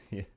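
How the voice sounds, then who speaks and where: An English man in his late twenties, an indie game developer chatting casually on a livestream while drawing, rambling, easily distracted, laughing often and swearing casually. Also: mellow. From England. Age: late 20s.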